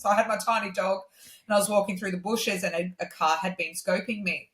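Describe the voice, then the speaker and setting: A woman's voice: mid-range voice, steady tone, fast, fairly bright tone. Earnest woman, roomy sound. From Australia. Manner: candid, earnest storytelling. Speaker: guest singer-songwriter. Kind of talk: casual conversation. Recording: roomy echo.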